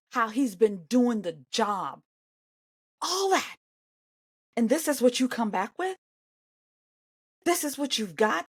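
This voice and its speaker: A woman in a reaction vlog, ranting at the screen with sharp sarcasm. Her voice leaps all over the place, from loud outbursts down to low mutters. The sound is dry, with no room echo. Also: breathy edge. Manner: indignant and sarcastic, talks back at the screen; animated, swings between loud outbursts and mutters. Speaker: vlogger reacting to an interview. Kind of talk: reaction commentary.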